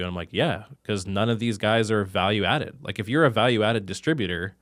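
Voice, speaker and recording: Exasperated low-voiced man ranting. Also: a little fast, hardly any pauses, fairly bright tone, dry recording, clean studio sound. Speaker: machine shop co-owner, guest. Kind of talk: casual podcast conversation.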